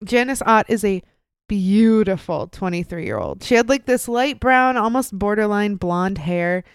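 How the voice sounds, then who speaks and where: Young woman, podcast co-host, casual true-crime storytelling, animated, profane, smooth resonant voice, dry close sound. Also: medium pitch, a little slow, no room sound.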